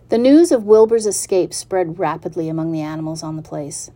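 A woman reading a children's storybook aloud in an even, unhurried narrating manner. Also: low voice.

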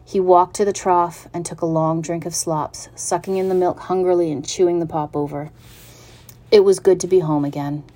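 A woman reading a children's storybook aloud in an even, unhurried narrating manner. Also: on the low side.

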